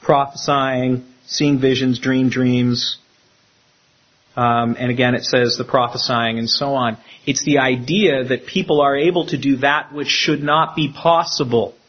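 A man, a pastor, preaching a sermon in an animated way and acting out the quotes he tells. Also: medium pitch, a little slow, muffled recording.

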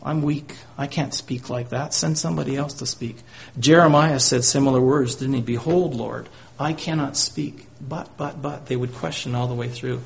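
A man's voice: mid-range voice, slightly rough. A man preaching a sermon, often closing his points with rhetorical tag questions to the congregation.

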